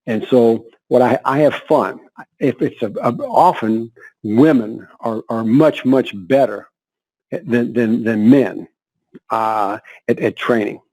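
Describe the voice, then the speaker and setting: A man in his seventies, an interview guest telling lively anecdotes with frequent laughs and repeated words. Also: mid-range voice, takes it slowly, rough recording. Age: 70s. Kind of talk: conversational storytelling.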